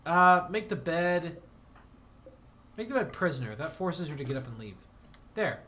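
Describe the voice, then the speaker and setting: Guy streaming a game and rambling at it, kinda high voice, faint background hiss. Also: sing-song, a little slow, long pauses, bright, forceful tone. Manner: rambling, self-deprecating, swings into mock outrage. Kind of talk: casual game livestream commentary.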